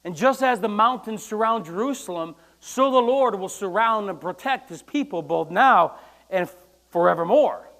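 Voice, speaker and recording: A man with a high voice preaches a lively sermon in church. He acts out quoted lines, now and then breaking into loud bursts. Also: normal speed. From United States. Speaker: pastor.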